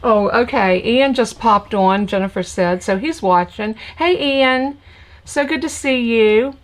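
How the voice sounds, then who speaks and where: A woman's voice: fairly high pitch, measured pace. An older woman with a Southern US accent hosting a live crafting stream in a folksy, chatty way, greeting viewers by name. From United States. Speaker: crafting channel host. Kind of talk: casual live-stream chat.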